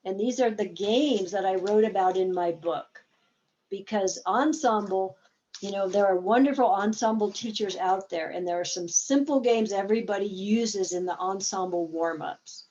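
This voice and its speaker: A woman's voice: mid-range voice, normal speed, a little mellow, muffled recording. A woman therapist explaining a game in a conversational teaching talk, acting out bits of dialogue as examples.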